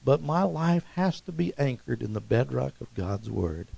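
Gravelly-voiced man preaching a sermon. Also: animated, moderate pace, dry recording, low-quality recording. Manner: rises to emphatic peaks, then drops soft and low; preaching with congregational call-outs. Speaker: pastor.

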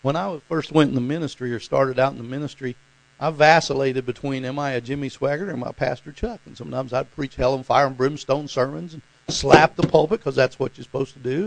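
A pastor with a gravel-edged, slightly high voice delivers an informal, chatty sermon, often turning to his listeners with questions. He sounds close and dry, with little room sound around him. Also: no echo, rough recording. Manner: informal, asks the congregation questions. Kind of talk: conversational sermon.

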